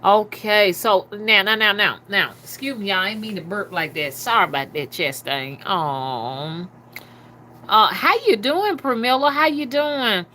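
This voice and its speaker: A woman hosts a casual livestream and chats loosely with her viewers. Her voice is bright and forward. A faint hiss sits behind her webcam-style recording. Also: mid-range voice, a little slow. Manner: chatty, reads viewer comments aloud, loose and talkative. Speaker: livestream host.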